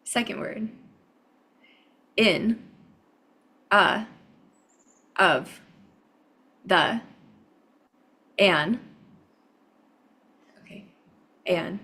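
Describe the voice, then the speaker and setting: Slow gravelly woman puzzling out clues. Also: medium pitch, sharp tone. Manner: slow, deliberate guessing. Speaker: improviser guessing clues.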